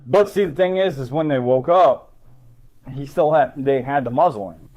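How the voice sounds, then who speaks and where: A man chatting casually at a game table, telling a profane, animated story. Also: medium pitch, moderate pace, highs cut off. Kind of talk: casual chat.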